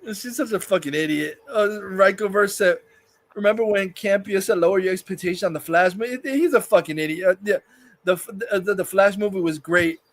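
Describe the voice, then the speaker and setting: A man's voice: high-pitched, a little fast. A man hosting a casual livestream chat, profane and rambling, laughing often. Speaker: livestream host.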